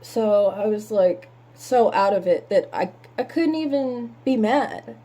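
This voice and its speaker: A woman telling a painful personal story in halting words, holding back tears. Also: medium pitch, dark tone.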